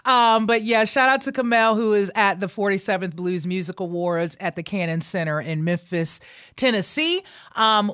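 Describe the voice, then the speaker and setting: A woman's voice: medium pitch, a bit bright, dry recording, studio quality. A woman hosting a radio show in casual, playful chat, teasing her co-host and laughing easily. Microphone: studio microphone.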